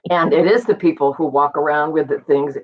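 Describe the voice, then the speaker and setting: A woman's voice: low-pitched, fairly even intonation, brisk, muffled recording. A woman hosting an online show, chatting and teasing her guests between acts. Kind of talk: casual chat.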